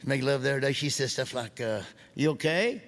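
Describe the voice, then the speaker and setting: A man doing stand-up comedy, telling folksy stories loudly and mimicking other people's voices. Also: medium pitch, fairly even intonation, fast talker, very noisy. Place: stage before a live audience. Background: audience laughter.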